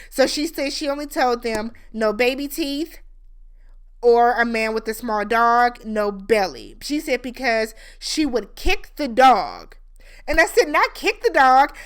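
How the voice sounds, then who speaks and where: A woman's voice: on the high side, clean tone. A woman hosting a reality TV recap, talking in a chatty, opinionated way with lots of fillers. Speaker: recap show host. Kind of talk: casual TV recap commentary.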